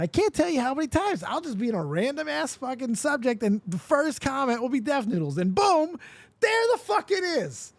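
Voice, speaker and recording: A man hosting a live stream, chatting casually, reading viewer comments aloud and swearing freely in an animated way. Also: extremely high pitch, moderate pace, dry recording. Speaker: livestream host.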